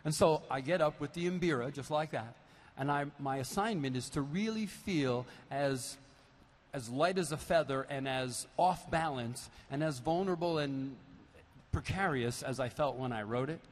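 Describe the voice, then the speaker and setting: A man, a percussionist, talks to a concert audience between songs, telling stories with animated, playful asides through a stage microphone in a large arena. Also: a little high, normal speed. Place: large basketball arena used as a concert hall. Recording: live hall recording with long reverb and faint noise.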